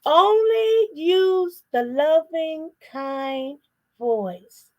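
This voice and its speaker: A woman's voice: high voice, drawn-out words, highs cut off. A middle-aged woman, a psychotherapist, giving a parenting talk full of personal stories and acted-out quotes. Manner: animated storyteller, acts out quoted voices. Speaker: psychotherapist and guest speaker.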